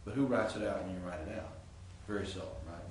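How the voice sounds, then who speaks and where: Lower-voiced man lecturing in an echoey classroom. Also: fast talker, darkish tone, a little hiss or hum. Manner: explains and quizzes students, many fillers. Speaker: Greek instructor. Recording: echoey classroom, distant mic.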